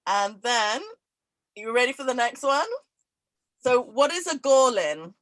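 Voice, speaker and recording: A woman hosts a casual quiz over a video call, her voice a little high and her delivery slow and unhurried. She laughs often and reads each question twice. The sound is dry and close. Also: lively intonation, fairly bright tone, dry recording, poor audio. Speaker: event host running a quiz. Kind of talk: casual online event chat.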